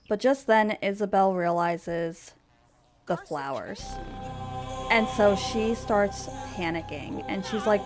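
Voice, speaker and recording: A woman's voice: mid-range voice, measured pace, faint music behind. A woman casually narrating a life-simulation storyline, chatty and rambling, explaining the characters as she goes. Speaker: game storyteller.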